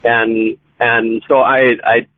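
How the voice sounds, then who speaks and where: A man's voice: medium pitch, flat delivery, slight background noise. Hesitant man in his fifties on a phone line. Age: 50s. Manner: hesitant, halting, self-correcting. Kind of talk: casual talk radio chat.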